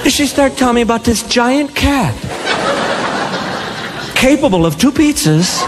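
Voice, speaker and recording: A man doing stand-up, telling a story as an exasperated father with animated delivery. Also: extremely high pitch, moderate pace, pauses often, background noise. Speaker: stand-up comedian. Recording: live stand-up with loud crowd laughter. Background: audience laughter.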